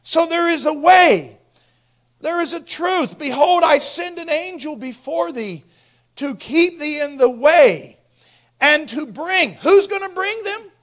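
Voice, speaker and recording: High-voiced impassioned male preacher. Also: expressive, slow pace. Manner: impassioned, swings from hushed to shouting. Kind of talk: sermon.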